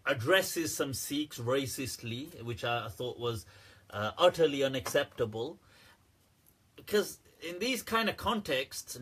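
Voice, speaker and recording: A man with a slightly husky voice that sits a little high for a man hosts a relaxed livestream Q&A. He talks to his viewers in a candid, animated way and breaks into laughter often. His commentary sounds loose and conversational rather than scripted. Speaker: host answering viewer questions.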